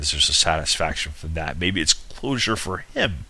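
Man, low voice with a forceful edge, casual rambling film recapper. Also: moderate pace, few pauses, no echo. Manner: rambling, many restarts and asides; animated retelling with acted-out quotes. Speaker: film reviewer.

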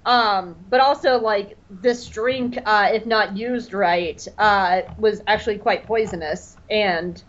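A woman's voice: mid-range voice, slow, few pauses, fairly bright tone, muffled recording. A woman co-hosting a podcast from her bedroom, chatting casually with lots of fillers and laughs. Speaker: podcast co-host.

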